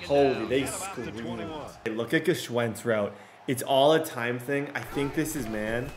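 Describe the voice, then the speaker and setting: A young man giving excitable commentary while playing a football video game, often bursting into loud shouts over big plays. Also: medium pitch, a little slow, slight background noise. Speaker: gaming YouTuber. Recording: echoey room with game music behind.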